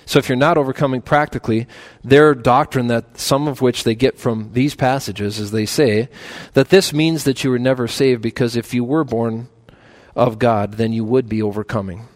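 Preaching a sermon at normal speed, a man builds to loud, emphatic peaks before dropping low again. He repeats lists and restarts words mid-phrase.

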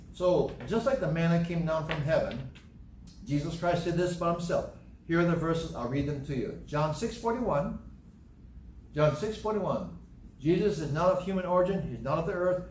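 A man's voice: fairly high pitch, darkish tone, slight background noise. A man preaching a Bible teaching sermon, emphatic, repeating phrases and asking and answering his own questions. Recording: echoey room, voice from a distance.

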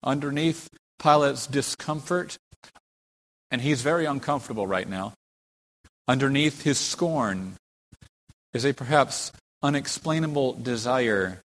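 A pastor with a mid-range, fairly bright voice preaches a sermon in a reverberant church hall, speaking at a measured pace with long pauses and lively intonation. His delivery is dramatic, acting out the figures he quotes and giving them rising emphasis.

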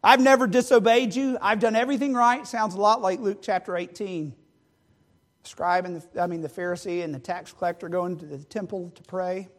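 A man's voice: steady tone, fairly quick. A man preaching a sermon, acting out the characters of a parable in dramatic voices. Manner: acts out the parable characters with big shifts in pitch and loudness.

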